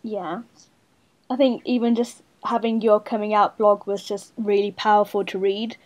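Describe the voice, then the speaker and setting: A woman's voice: medium pitch, flat delivery, moderate pace, a little mellow, muffled recording. A woman hosting a casual interview, encouraging and enthusiastic toward her guest. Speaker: interview host.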